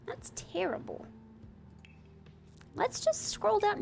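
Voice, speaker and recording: Lively high-voiced woman streamer. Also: slow, creaky, long pauses, slight background noise. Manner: chatty, thinks aloud, playful. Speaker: live streamer. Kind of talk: casual livestream commentary while building in a game.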